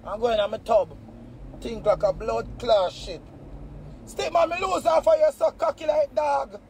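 A Jamaican man with a very high voice rants on a live stream, taunting and cursing. He gets loud and breaks into shouts. A faint hiss sits behind him. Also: fairly even intonation, a little slow. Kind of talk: heated live-stream rant.

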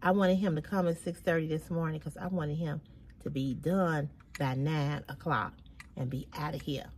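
A middle-aged woman with a low voice chats straight to her viewers in a casual vlog. She sounds worn out, lets out heavy sighs and keeps repeating herself for emphasis. A faint ambient hum sits behind her. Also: steady tone, normal speed, darkish tone. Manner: weary, venting, with frequent heavy sighs. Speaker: fashion vlogger. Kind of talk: casual chat to camera.

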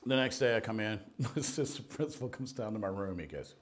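A middle-aged man preaching a sermon, telling stories in an animated way, swinging between loud and hushed. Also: lowish voice, fast talker. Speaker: pastor. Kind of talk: storytelling sermon.

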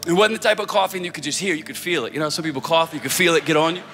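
High bright-voiced preacher man in a reverberant hall. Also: racing. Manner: storytelling preacher, rising to loud fervent prayer. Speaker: pastor. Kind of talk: sermon. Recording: music and long hall reverb.

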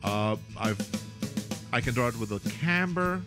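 A man teaching how to write and say words in a relaxed, playful way, with joking asides about his own mistakes. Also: a little slow, music in the background. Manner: playful, self-mocking, lively pitch. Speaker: Arabic calligraphy teacher.

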